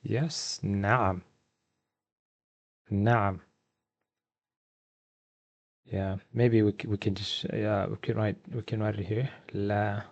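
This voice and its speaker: A man teaching a beginner vocabulary lesson from slides, asking questions and then slowly repeating each word twice. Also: lowish voice, flat delivery, creaky, muffled recording. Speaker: Arabic teacher.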